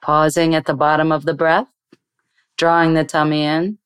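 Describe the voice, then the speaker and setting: Smooth, dry-voiced woman meditation teacher. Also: sits low, little pitch movement, dry recording. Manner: slow, soothing guiding voice. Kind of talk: interview, then guided meditation.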